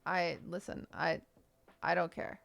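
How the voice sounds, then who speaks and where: A woman hosting a casual call as a streamer, talking in chatty, expressive stories full of fillers. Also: fairly low pitch, measured pace, gravelly. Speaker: streamer and host.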